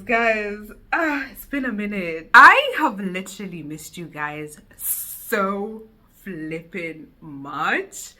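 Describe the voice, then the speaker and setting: A woman chatting casually to camera in a solo vlog, giggly and animated, seated indoors at home and picked up by the camera mic. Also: medium pitch. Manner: giggly, animated, self-teasing. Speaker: vlogger. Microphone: camera mic, no lapel.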